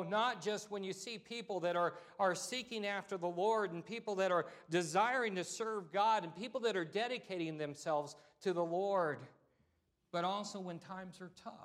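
A middle-aged man preaches a sermon in a relaxed, conversational style. His voice sits fairly high for a man. He restarts phrases, repeats himself and calls out to the congregation as he goes. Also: normal speed. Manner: conversational preaching with repetitions and call-outs. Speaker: pastor.

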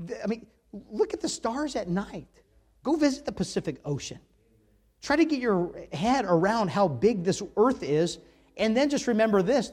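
A man preaching a sermon, reading scripture aloud with emphatic, dramatic swings between loud and soft. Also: high-pitched, husky. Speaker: pastor.

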